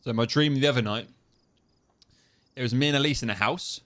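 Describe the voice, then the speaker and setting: A man's voice: mid-range voice, fairly quick, fairly bright tone. A young man streaming a game, chatting casually, swearing freely and laughing often. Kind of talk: casual gaming stream chat.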